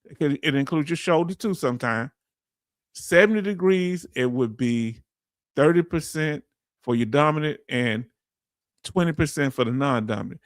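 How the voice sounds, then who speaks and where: A man's voice: on the high side, animated, normal speed, no echo, studio quality. A man with a Southern US accent hosting a casual livestream, reading out viewer comments and explaining things in loose, chatty speech. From Southern United States. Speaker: livestream host.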